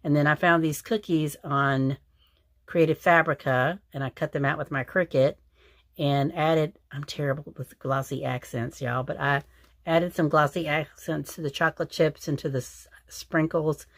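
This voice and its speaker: A woman's voice: low voice, steady tone, normal speed, dry recording. A woman chatting casually as she shows her crafts, rambling with lots of fillers and restarts. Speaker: crafting channel host. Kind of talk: casual craft show-and-tell.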